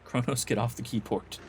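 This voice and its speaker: A man giving casual, chatty commentary while playing a video game, with amused asides. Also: mid-range voice. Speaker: let's play host.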